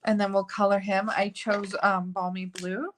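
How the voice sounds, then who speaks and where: A woman's voice: medium pitch, little pitch movement, normal speed, a little hiss or hum. A woman hosting a live card-making tutorial, chatty and gushing, with frequent fillers. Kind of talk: live crafting tutorial chat.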